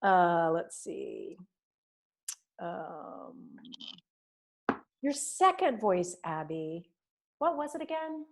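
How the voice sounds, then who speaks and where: A woman's voice: fairly low pitch, big pitch swings, drawn-out words, long pauses. Woman teacher giving upbeat class feedback. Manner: warm praise, frequent fillers and laughs. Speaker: voice and diction teacher. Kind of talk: class feedback over video call. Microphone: video call.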